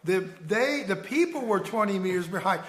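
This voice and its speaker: A man's voice: high-pitched, lively intonation, normal speed, a bit bright. A man reminiscing in casual conversation, correcting details and laughing as he talks. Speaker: storyteller recalling past travels. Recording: roomy echoey room.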